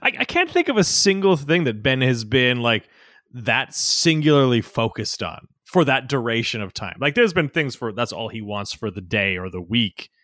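Man, casual podcast chat, supportive, practical advice, middle pitch, dry close sound. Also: sing-song, normal speed, pushed and bright, no echo. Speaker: podcast co-host. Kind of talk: casual chat about parenting.

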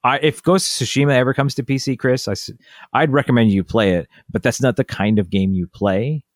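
A man's voice: mid-range voice, a little fast, dry recording, studio quality. A man co-hosting a casual chat, explaining at length in a rambling, chatty way. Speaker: podcast co-host.

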